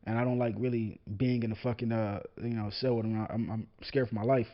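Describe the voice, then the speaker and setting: A man doing a frightened male inmate, timid and pleading, speaking lower and softer than his own voice, over dull lo-fi podcast audio. The voice is quiet and scared, like someone begging not to be left in danger. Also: level tone, fairly quick, lightly acted.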